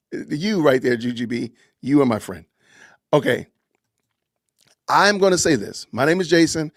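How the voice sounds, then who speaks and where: A man's voice: fairly high pitch, no echo, clean studio sound. A man hosting a podcast, delivering an impassioned, preachy commentary rant with lots of repetition and emphatic commands. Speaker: podcast host.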